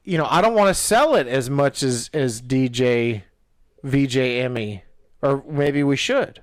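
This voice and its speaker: A man's voice: fairly high pitch, normal speed, no echo, clean studio sound. A man co-hosting a casual movie review chat, rambling with many restarts and fillers. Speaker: podcast co-host.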